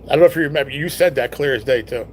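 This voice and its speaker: A man's voice: medium pitch, rapid-fire, slight background noise. A young man hosting a casual live stream at home, reading viewer comments and chatting in a laid-back, teasing way with plenty of swearing.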